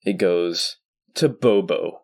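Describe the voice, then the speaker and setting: A man's voice: sits low, takes it slowly, vocal fry. A man co-hosting a movie review podcast, laid-back and chuckling as he tells a bit. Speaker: podcast co-host. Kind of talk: casual movie review chat.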